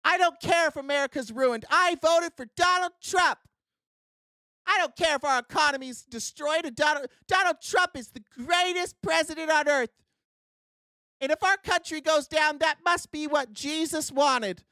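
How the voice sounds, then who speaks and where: A political commentator voicing a mocking, whiny diehard voter who shouts sarcastic lines in a raised voice. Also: moderate pace, dry recording, clean studio sound. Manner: shrill and shouting, sarcastic mimicry.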